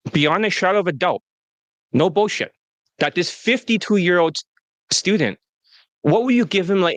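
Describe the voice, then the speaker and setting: Guy coaching dating, swears a lot, mocking tone, kinda high voice, dead dry room. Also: a bit bright, no room sound. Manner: blunt, profane, mocking. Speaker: dating coach and show host. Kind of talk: casual interview chat.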